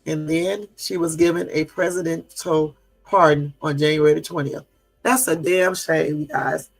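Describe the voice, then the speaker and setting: Gravelly man hosting an indignant livestream. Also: fairly high pitch, steady tone, normal speed, faint music behind. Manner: indignant, rambling with many fillers; chats with and answers live viewers. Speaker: livestream host. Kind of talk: casual livestream commentary.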